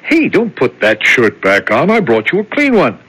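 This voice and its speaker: An actor playing a brisk, offhand prison guard in a 1970s radio drama. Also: male voice, medium pitch, wildly swooping pitch, fairly bright tone, breathy edge, exaggerated voice, poor audio.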